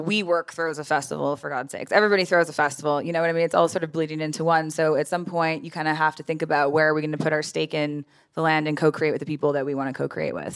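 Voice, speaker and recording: A woman's voice: deep voice, clear, resonant tone. A woman moderating a panel in a chatty, casual way, introducing the next speaker. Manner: chatty, rambling, hands over to speakers.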